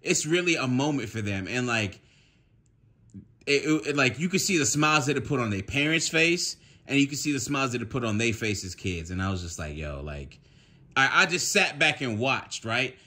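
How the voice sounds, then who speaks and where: A young man, telling a casual story at home, animated, laughing often and swearing freely. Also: mid-range voice, moderate pace. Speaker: vlogger.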